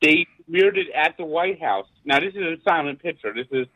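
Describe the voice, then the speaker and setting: A man on a talk show talking in a halting way, with many fillers. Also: fairly high pitch, lively intonation, bright, forceful tone. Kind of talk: call-in talk show chat. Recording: phone line.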